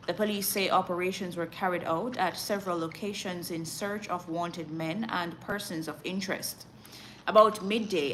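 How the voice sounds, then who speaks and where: A woman's voice: on the low side, fairly bright tone, slight background noise, low-quality recording. A Jamaican woman reading the news and chatting with viewers, with laughing asides and a switch between patois and standard English. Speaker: news reader and live streamer.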